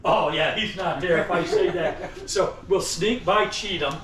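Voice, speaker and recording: A man's voice: sits high, measured pace, fairly bright tone. A man giving a museum tour as a theatrical old-time salesman, teasing and addressing his visitors directly. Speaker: costumed museum tour guide. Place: indoor store museum among visitors. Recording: echoey room, faint background noise.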